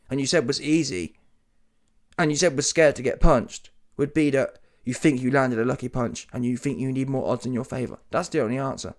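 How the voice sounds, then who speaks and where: A British man gives a one-man commentary rant, slangy, combative and mocking. His voice sits a little above the usual male pitch, and he rattles along with plenty of energy. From Britain. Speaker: boxing commentator. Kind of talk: solo opinion rant.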